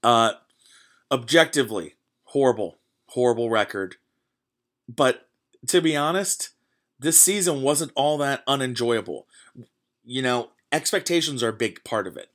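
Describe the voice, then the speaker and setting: A podcast host rants casually about sports on his own show, getting worked up and swearing often with plenty of fillers. His mid-range voice is animated and fairly bright, at a moderate pace.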